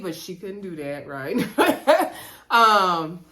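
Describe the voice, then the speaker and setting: A woman recapping a reality dating show in a chatty, animated way, retelling scenes and talking to her viewers. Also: on the low side, normal speed. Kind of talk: casual recap chat.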